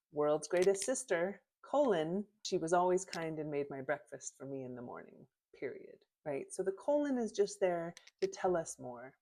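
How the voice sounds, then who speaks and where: A woman teacher explaining punctuation in a clear, step-by-step way, reading example sentences aloud with their punctuation marks. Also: fairly low pitch, a little mellow. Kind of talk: lesson on punctuation.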